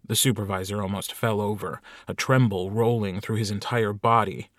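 A man reading an audiobook with wry, lively storytelling. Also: fairly low pitch, moderate pace, dry recording, clean studio sound. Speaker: audiobook narrator. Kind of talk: scripted narration.

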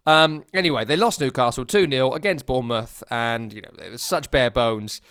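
Brief: male podcast co-host, mid pitch, wry storyteller, dry booth sound. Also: normal speed, a bit bright, clean tone, no room sound. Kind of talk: casual football chat.

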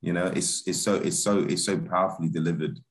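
A man, a film director, chatting in a relaxed interview, laid-back with many restarts and fillers. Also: low voice, fairly quick.

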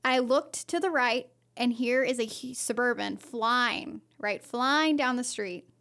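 A woman with a somewhat high voice tells a personal story in a loose, chatty way. She circles back and restarts her sentences, padding them with fillers as she chats on a podcast. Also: measured pace, vocal fry, fairly bright tone. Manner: rambling, full of fillers and restarts. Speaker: podcast co-host. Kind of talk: casual storytelling.

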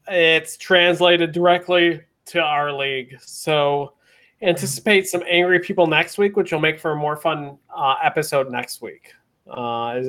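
A man's voice: a little high, a bit bright. A man hosting a casual chat, steering the talk and rambling a little. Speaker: podcast host.

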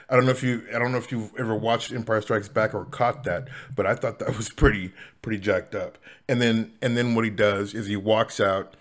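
Rambling low-voiced man. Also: a bit bright. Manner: rambling, many fillers and restarts, chuckles. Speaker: podcast host. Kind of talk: casual solo talk.

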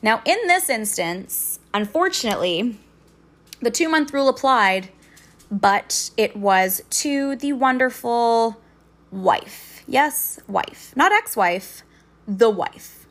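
A woman's voice: on the high side, takes it slowly. Young woman ranting a storytime, cursing a lot, annoyed and chatty. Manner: swearing freely, indignant, animated retelling. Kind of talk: casual storytime vlog.

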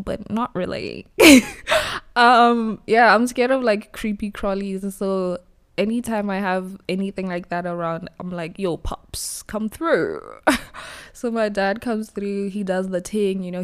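A woman's voice: medium pitch, smooth. A young woman hosting her own podcast from her new studio, chatting casually, laughing at herself and over-explaining. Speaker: podcast host. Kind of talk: casual solo podcast chat.

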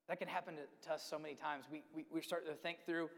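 A man's voice: a little high, little pitch movement, fast, creaky, hardly any pauses. A man preaching a sermon, emphatic, acting out quotes and repeating key words. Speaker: pastor. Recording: long hall reverb.

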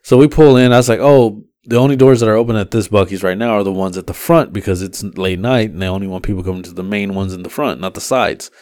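A man's voice: lowish voice, fairly even intonation, fast talker, hardly any pauses, darkish tone, clear, resonant tone, dry recording, studio quality. A man hosting a podcast who tells a long story in casual, profane chat and acts out the lines of the people in it. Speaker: podcast host.

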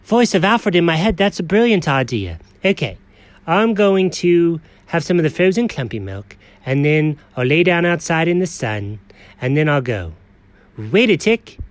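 A performer voicing an excitable, chatty male house cat who frets aloud and bursts into dramatic outcries, in a one-person comedic audio story. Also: mid-range voice, a little slow, dry recording. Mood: scheming. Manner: talks to himself, frets, dramatic outbursts.

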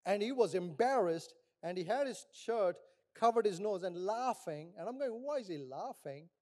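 A middle-aged male pastor preaching a sermon, animated, acting out little voices in his stories. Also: sits high, moderate pace.

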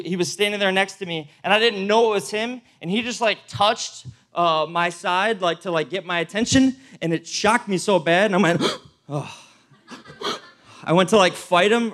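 A young man with a notably high voice delivers a casual youth sermon. He talks fast and loose, full of slang, stories and direct questions to the audience. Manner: energetic, casual slang, addresses crowd directly. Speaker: pastor. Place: event hall with live audience.

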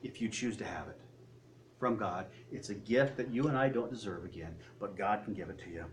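A man preaching a sermon, swinging between loud, high peaks and low, quiet asides. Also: a little fast, slight background noise.

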